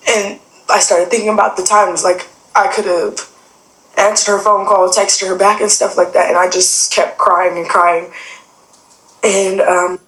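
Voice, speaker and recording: A woman's voice: mid-range voice, flat delivery, a little slow, a bit bright. A young adult woman telling a personal story in a casual, rambling way, full of fillers and quoted back-and-forth dialogue. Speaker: guest sharing a personal story. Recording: roomy echo.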